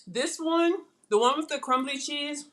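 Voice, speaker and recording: Chatty excitable woman. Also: high voice, measured pace. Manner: chatty, excitable, talks while eating. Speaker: cooking livestream host. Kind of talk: casual live cooking chat.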